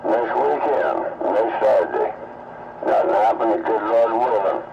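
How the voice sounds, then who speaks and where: A man's voice: lowish voice, measured pace, creaky. A man calling in over CB radio, chatting in a rambling way and repeating his sign-offs. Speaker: CB radio caller. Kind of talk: casual CB radio chat. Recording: lo-fi CB radio with static.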